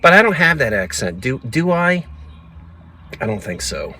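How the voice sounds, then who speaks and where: A man's voice: medium pitch, very animated, normal speed, sharp tone, a little hiss or hum. A man in his forties or fifties from South Jersey, with a slight South Jersey accent, chatting to himself and his viewers while browsing store aisles on a handheld phone camera. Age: 40s to 50s. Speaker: antiques vlogger. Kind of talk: casual thrifting vlog. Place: thrift store aisles, then a parked car.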